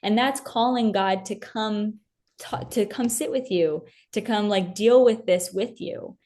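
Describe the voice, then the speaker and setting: A woman's voice: medium pitch, unhurried, a little mellow. A young woman as an interview guest, talking earnestly and from the heart about her faith, with many fillers and restarts. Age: young adult.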